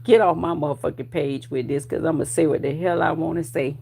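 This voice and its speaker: A woman in her forties rants straight at her online audience, swearing freely and daring anyone to argue. Her voice sits a bit low and has a gravelly, fry-laden edge. She talks like she is picking a fight and enjoying it. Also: steady tone, brisk, slight background noise. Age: 40s. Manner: profane, confrontational, loud bursts of laughter. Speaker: vlogger. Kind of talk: ranting commentary to viewers.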